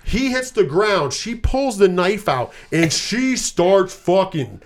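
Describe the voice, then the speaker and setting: A man's voice: sits high, sing-song, slow pace. A man casually recapping a movie plot, cursing freely and rambling as he retells scenes. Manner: profane, rambling storyteller.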